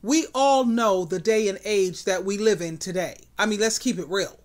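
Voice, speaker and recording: A woman's voice: medium pitch, normal speed. A woman hosting a commentary vlog, giving emphatic, outspoken relationship advice.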